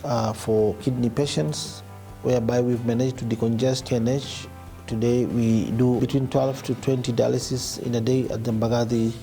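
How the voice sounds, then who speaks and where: Man with halting, filler-filled speech. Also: medium pitch, warm tone. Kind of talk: public speech on projects.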